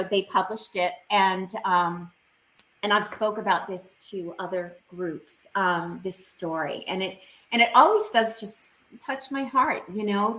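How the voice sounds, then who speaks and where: A woman's voice: a little high, pushed and bright, roomy sound, low-quality recording. A woman, a podcast guest, telling a personal story in a casual, emotional way, with many fillers and laughs.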